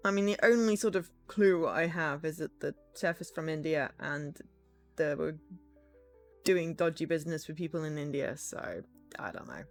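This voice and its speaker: Chatty, giggly woman streamer with an animated voice, casual game commentary. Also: low voice, normal speed, soft background music.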